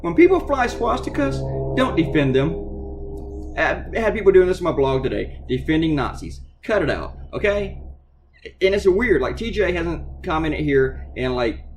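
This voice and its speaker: A man's voice: on the high side, a little hiss or hum. A man who is a cartoonist, ranting sarcastically and swearing freely while he draws live and answers viewer comments. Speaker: cartoonist livestreaming a drawing.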